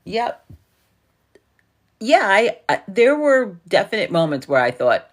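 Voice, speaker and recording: A woman's voice: mid-range voice, sing-song, slow, long pauses. A woman from New York with a New York accent, hosting a casual livestream chat and telling a story full of swearing and laughter. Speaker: livestream host.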